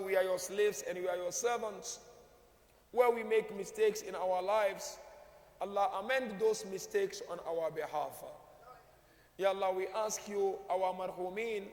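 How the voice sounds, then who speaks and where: A man with a very high voice delivers a sermon of mourning. His narration lifts into chanted, wailing lament. The sound carries the long reverb of a large hall. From Kenya. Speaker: sheikh giving a Ramadan majlis sermon. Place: mosque or prayer hall.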